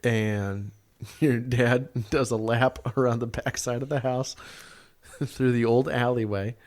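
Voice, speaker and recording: A man co-hosting a casual podcast, teasing his partner and cutting in with questions. His voice sits at a middle pitch. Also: steady tone, slow pace. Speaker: podcast co-host. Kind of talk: casual chat.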